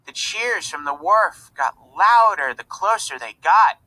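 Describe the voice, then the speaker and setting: A man reads a children's storybook aloud with expressive narration. His voice is bright and forceful, pitched a little above the middle. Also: a little slow, hardly any pauses, poor audio. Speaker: reader.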